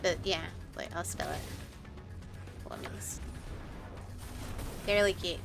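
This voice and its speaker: A woman's voice: fairly low pitch, huge pitch swings, slow pace, creaky, music in the background. A woman streamer chatting casually and swearing freely while she plays a game.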